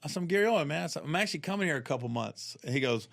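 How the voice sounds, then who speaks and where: A male comedian tells a story in a loose, casual chat. His voice sits a touch high, and he jumps into the voices of the people in his tale as he goes. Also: lively intonation, very fast, vocal fry, a bit bright.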